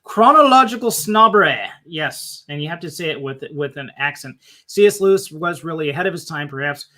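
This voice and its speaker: A man's voice: fairly high pitch, steady tone, a little fast. A man hosting a live-stream film discussion, thinking aloud and often restarting his sentences. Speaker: host.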